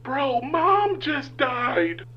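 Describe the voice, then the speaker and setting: Woman doing a slow pleading young woman. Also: high voice, big pitch swings, highs cut off, over music, pitched below the performer's own voice, exaggerated voice.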